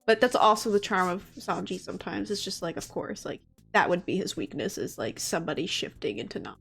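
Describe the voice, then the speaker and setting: A woman's voice: fairly low pitch, very animated, brisk, gravelly, slightly rough. A woman talks casually on a stream, rambling through her thoughts with plenty of fillers and restarts. A faint bit of music plays under her voice. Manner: chatty, many fillers and restarts. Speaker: guest. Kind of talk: casual chat.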